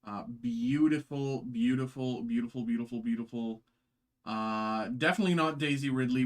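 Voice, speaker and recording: At a medium pitch and normal speed, a man hosts a live card-opening stream. He chats casually, full of fillers and restarts, and cracks self-deprecating jokes as the card break host.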